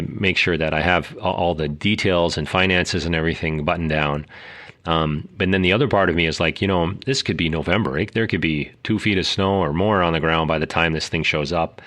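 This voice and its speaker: A man's voice: sits low, bright, forceful tone. A middle-aged man hosting a casual solo podcast, talking in a rambling way with many fillers and restarts. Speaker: podcast host.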